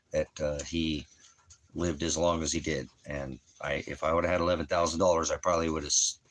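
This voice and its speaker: A man talking casually at home in a rambling, halting way that trails off. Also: a bass voice, fairly bright tone, slight background noise. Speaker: vlogger. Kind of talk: casual personal talk to camera. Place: at home indoors.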